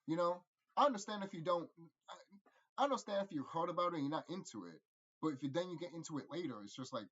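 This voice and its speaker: A man rambling through a casual movie review, profane and animated, laughing often. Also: a little high, fast talker, muffled recording.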